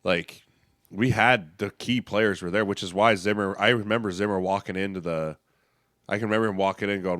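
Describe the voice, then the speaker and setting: A man's voice: on the low side, fairly even intonation, fairly quick, fairly bright tone, no echo, studio quality. A man co-hosting a casual podcast in a laid-back, reminiscing way. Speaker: podcast co-host, former lineman. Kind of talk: casual chat.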